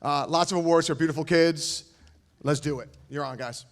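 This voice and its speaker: A man's voice: a little high, steady tone, moderate pace. A man on stage at a school awards night, giving a speech to graduating students with jokes and encouragement. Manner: joking, encouraging, playful asides. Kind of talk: speech to an audience.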